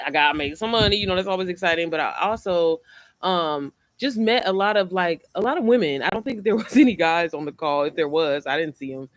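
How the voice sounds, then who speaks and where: A woman's voice: lowish voice, lively intonation, fairly quick, no echo. Chatty woman on a home livestream. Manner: chatty, rambling, repeats herself. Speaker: online business creator hosting a livestream. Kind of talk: casual livestream chat. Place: at home, indoors.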